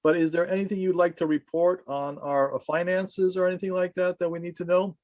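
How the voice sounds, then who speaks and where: A man chairing a commission meeting on a video call, informal and halting with many fillers. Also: sits high, steady tone, darkish tone, dry recording.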